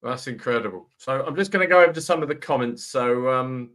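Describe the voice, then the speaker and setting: A man's voice: medium pitch, fast, fairly bright tone. British-Irish man hosting a live stream. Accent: British-Irish mix. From Britain. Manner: chatty, reads out viewer comments. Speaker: host.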